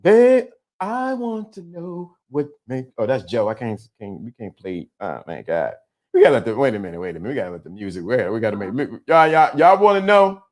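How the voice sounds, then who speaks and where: A man hosting a casual livestream, talking to his chat in an animated, teasing way and laughing often. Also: lowish voice, quick pace. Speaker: livestream host. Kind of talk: casual live-stream chat.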